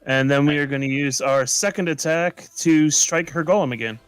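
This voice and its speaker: A man's voice: on the high side, normal speed, clean tone, no room sound, poor audio. A man playing a tabletop game, explaining his moves in a matter-of-fact way. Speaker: player.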